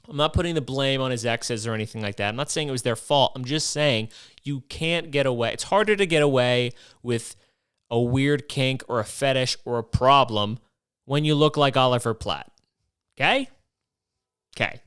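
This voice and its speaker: Young male podcast host, comic rant, swears a lot, smooth clear voice, dry close mic. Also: medium pitch, moderate pace, a bit bright, no echo. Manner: profane, rambling, rhetorical questions. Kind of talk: comedic rant monologue.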